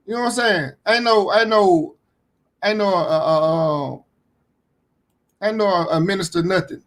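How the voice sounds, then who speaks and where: A man with a strikingly high-pitched voice talks through a reaction commentary in a loose, heated way. He circles back over the same points, swears freely, and climbs into outright shouting when he gets indignant. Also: a little slow. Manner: blunt, heated, repeats himself, swears freely.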